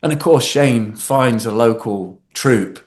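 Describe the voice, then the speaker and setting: A man in his forties chats as a guest on a podcast. He tells his stories in an animated way, laughing often and slipping into voices. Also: medium pitch, takes it slowly. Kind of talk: casual chat.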